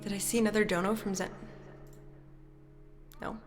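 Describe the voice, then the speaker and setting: A young woman music streamer chatting casually from home at night, flustered and excitable. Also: medium pitch, moderate pace. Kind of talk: casual live-stream chat.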